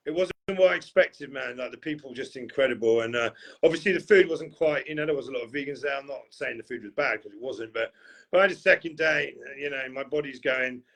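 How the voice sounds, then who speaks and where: A man's voice: mid-range voice, quick pace, gravelly, fairly bright tone. A man on a podcast, telling a long rambling story in a casual way, full of fillers and restarts. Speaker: podcast co-host.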